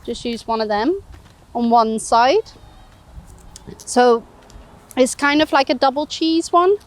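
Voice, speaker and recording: A woman's voice: high-pitched, expressive, takes it slowly. A woman chatting casually while showing how she makes toasties outdoors on a fishing bank, laughing often. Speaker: co-presenter, cooking on the bank. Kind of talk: casual cooking demo chat.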